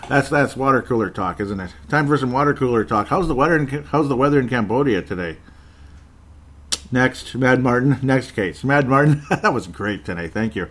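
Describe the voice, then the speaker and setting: A man's voice: medium pitch, lively intonation, moderate pace, fairly bright tone. A man hosting a sports podcast in casual chat, rambling, chuckling often and correcting himself as he reads listener comments.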